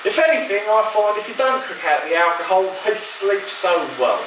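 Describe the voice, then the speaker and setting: A high-voiced man chats through a recipe, explaining each step in an easy, friendly way. He is heard from a distance in a very echoey kitchen. Pots and dishes clink faintly behind him. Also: expressive, moderate pace, noisy background. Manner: chatty, explains as he cooks. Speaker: cooking show host. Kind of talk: casual cooking demonstration. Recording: roomy kitchen echo, distant mic.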